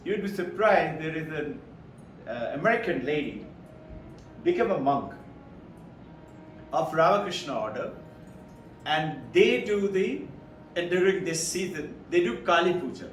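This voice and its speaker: An Indian spiritual speaker gives an informal talk, rambling through anecdotes in an animated voice. He speaks a little slowly and leaves long pauses. He's recorded from a distance in an echoey room with a low rumble underneath.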